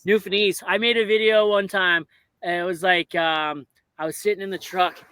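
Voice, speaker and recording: Man, podcast host, high voice, dry close sound, laid-back, casual swearing. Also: fairly even intonation, normal speed, sharp tone, smooth, no room sound. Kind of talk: casual chat.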